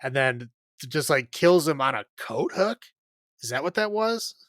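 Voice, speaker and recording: A man's voice: a little high, expressive, normal speed, a bit bright, no room sound. Rambly podcast host man, dry sound. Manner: rambling, filler-heavy, laughs often. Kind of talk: casual chat recapping a film.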